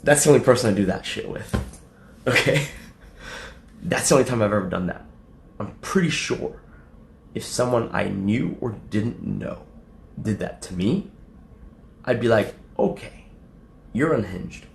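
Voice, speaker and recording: A young adult man streaming casually to his chat, profane and rambling, laughing often and acting out quotes in a high mocking voice. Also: moderate pace, gravelly, long pauses, echoey room, a little hiss or hum. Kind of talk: casual livestream talk to chat.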